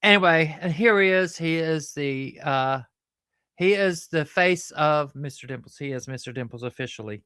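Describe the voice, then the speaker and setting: A woman who hosts a show with her puppet and chats in a rambling, halting way. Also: low voice, a bit bright, smooth, no echo, studio quality. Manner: rambling, halting, fond of fillers. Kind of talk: casual chat.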